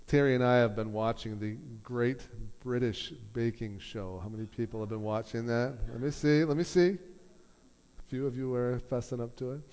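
A middle-aged man preaching a sermon to a congregation, telling a story and acting out the people in it. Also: mid-range voice. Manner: storytelling with lively quoted voices. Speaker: pastor. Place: church hall. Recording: long hall reverb.

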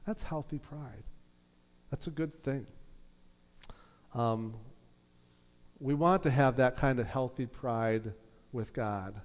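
A man's voice: medium pitch, takes it slowly, pauses often. A middle-aged man preaching a sermon to a congregation, telling a story and acting out the people in it. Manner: storytelling with lively quoted voices. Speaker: pastor. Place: church hall. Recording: long hall reverb.

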